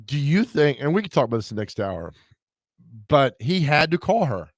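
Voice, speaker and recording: A man co-hosting a sports radio show, excitable and firing off questions in casual chat. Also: fairly high pitch, dry recording, studio quality. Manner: excitable, quick questions, laughs loudly.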